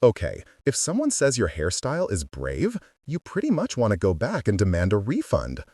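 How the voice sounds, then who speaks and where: A man's voice: lowish voice, huge pitch swings, normal speed, breathy edge, no echo, clean studio sound, heavily acted. A man voicing a teasing, bossy teenage girl who hollers and jokes, in a storybook reading. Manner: loud, teasing.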